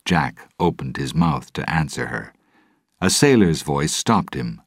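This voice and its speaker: A man narrating a storybook aloud in a measured, expressive way. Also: very deep voice, slightly rough, no echo, clean studio sound. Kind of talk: storybook reading.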